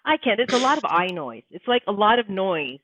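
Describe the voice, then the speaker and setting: A woman's voice: mid-range voice, very animated, fairly quick, a bit bright, no echo. A woman hosts a casual live stream, blunt and emphatic, swearing freely as she makes her points. Her voice comes through thin and phone-like. The sound is dry, with no room around it. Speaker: livestream host.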